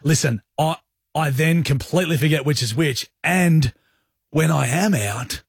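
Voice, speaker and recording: A man's voice: fairly high pitch, measured pace, vocal fry, husky, no room sound. A young man with an Australian accent, co-hosting a radio show in casual, rambling, self-deprecating banter from a studio. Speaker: radio co-host.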